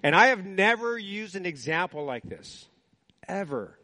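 A man's voice: high voice, very animated, unhurried, bright, forceful tone. An older man preaching a sermon, telling folksy stories and asking the congregation questions. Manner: folksy storytelling, asks the audience questions.

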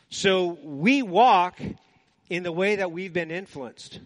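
Older guy preaching, chatty storyteller, kinda higher voice, asks the crowd stuff. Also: slow. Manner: folksy storytelling, asks the audience questions. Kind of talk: sermon.

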